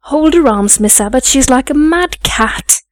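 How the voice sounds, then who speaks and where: A woman's voice: a little high, normal speed, a little mellow, no echo, natural voice. Woman voicing a stern scolding nursemaid. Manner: firm, scolding and admonishing.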